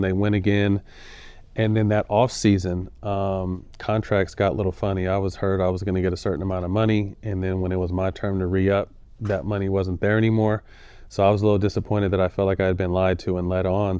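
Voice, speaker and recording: Low, flat-voiced man telling stories. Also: clean tone, dry recording, dull audio. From United States. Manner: relaxed, profane, repeats words while searching. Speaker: podcast guest, former pro basketball player. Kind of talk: casual storytelling interview.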